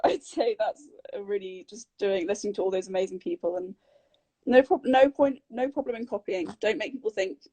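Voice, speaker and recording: A woman's voice: medium pitch, brisk, warm tone. A young woman, chatting casually as a guest vocal coach on a phone livestream, bubbly, rambling and self-mocking. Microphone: phone on a video livestream.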